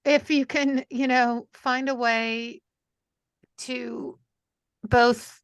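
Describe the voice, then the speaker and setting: A middle-aged woman co-hosting a podcast, giving gentle advice with halting restarts. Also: on the high side, steady tone, clear, resonant tone, dry recording, studio quality. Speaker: podcast co-host. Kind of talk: conversational interview.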